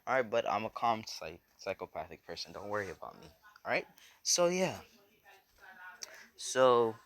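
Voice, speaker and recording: A man's voice: on the low side, big pitch swings, normal speed, fairly bright tone. Rambling, casual male storyteller. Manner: rambling, loose, swears, lots of "so yeah". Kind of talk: casual fan story narration.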